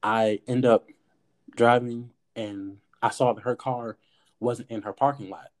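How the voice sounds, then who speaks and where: Animated man telling a story casually. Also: mid-range voice, a little slow. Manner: animated storyteller, acts out quoted dialogue, swears. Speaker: podcast host.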